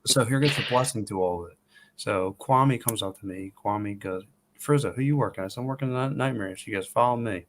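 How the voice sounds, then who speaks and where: A man's voice: fairly low pitch, brisk, a little hiss or hum. A man hosting a podcast, telling a story in a loose, rambling way. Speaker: podcast host. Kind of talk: casual chat.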